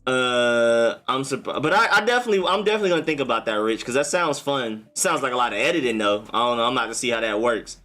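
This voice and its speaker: A man's voice: mid-range voice, soft background music. Young man hosting a chatty live stream. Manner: relaxed, chatty, answers chat comments one by one; careful, deliberate enunciation in a broadcaster voice. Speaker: livestream host. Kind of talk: casual live-stream chat.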